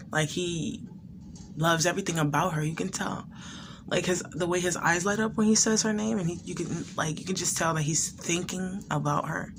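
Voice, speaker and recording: Woman doing a chatty reaction vid, lowish voice, noise in the background. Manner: conversational, thinking aloud with many restarts. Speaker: reaction video host. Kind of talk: casual commentary.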